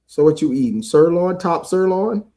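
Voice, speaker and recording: A man's voice: a little high, expressive, normal speed, warm tone. A man co-hosting a podcast, teasing and playful in joking banter. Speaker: podcast co-host.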